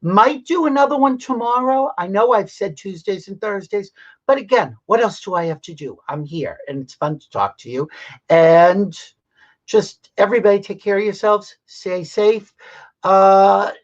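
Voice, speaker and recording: A man hosts a live-stream talk show, chatting casually and reassuring his viewers directly in a high, expressive voice at normal speed. The stream audio is dull and lo-fi.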